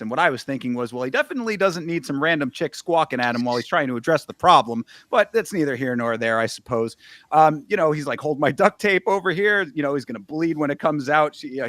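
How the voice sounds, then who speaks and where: A man's voice: on the high side, fairly bright tone, no echo. A man co-hosting a casual film review chat, retelling scenes with wry sarcasm and laughter. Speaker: podcast co-host.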